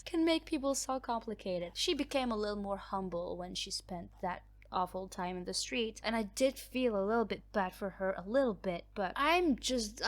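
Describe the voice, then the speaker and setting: On her book channel, a woman with a mid-range voice reads out viewer comments and chats casually. She laughs often and mocks herself, and her voice is cracking.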